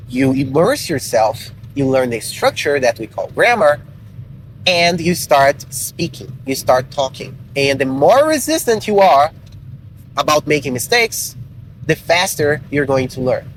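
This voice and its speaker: A man's voice: on the high side, animated, measured pace, a little hiss or hum, low-quality recording. A man, an English teacher giving a frank, casual motivational talk in English to learners, swearing freely. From Brazil. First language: Portuguese. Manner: frank and blunt, swears casually, many fillers.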